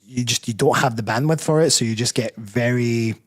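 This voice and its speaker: A man's voice: medium pitch, fairly quick, husky. A Scottish man, a personal trainer and bodybuilder, talking candidly as a guest in a casual interview, often restarting his sentences. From Scotland. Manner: candid, rambling, self-correcting.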